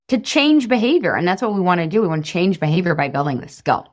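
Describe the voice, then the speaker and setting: A woman in her thirties giving a casual coaching talk, animated and laughing often, acting out quoted voices. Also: on the low side, fast talker, few pauses. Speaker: podcast host and weight loss coach.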